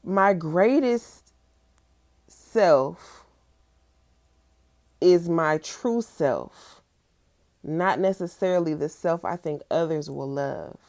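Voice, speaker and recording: Woman, young adult, reflective vlog, candid and emphatic, fairly low pitch. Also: very slow, long pauses. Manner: candid, emphatic, swinging from musing to excited outbursts. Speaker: vlogger. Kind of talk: reflective personal vlog, reading from her notes.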